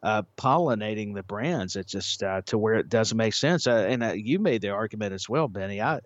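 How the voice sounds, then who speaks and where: A man's voice: on the low side, lively intonation, brisk, no echo. Man, podcast co-host, casual chat, stuttering restarts, dry close mic, dull lo-fi sound. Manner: restarts often, repeats words. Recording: dull lo-fi audio.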